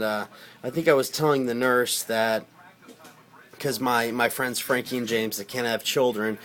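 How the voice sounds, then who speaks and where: A man telling a personal story in casual, rambling speech, swearing freely and getting loud when he quotes himself. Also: lowish voice. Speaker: storyteller recounting a personal experience.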